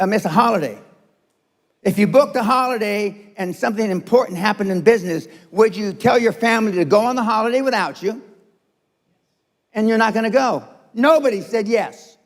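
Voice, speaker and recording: Gravelly, blunt older man lecturing a room. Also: high-pitched, in a large hall. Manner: blunt, profane and confrontational. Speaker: motivational speaker. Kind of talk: seminar speech to a live audience. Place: seminar room.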